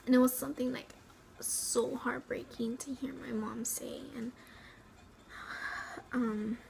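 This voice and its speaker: A woman from South Texas tells a personal story at home with a slightly high, gravelly voice. She rambles and hesitates, filling gaps with ums and likes, and sometimes sinks to a near whisper. A faint hiss sits under her voice. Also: steady tone, takes it slowly. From Rio Grande Valley, Texas. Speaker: vlogger.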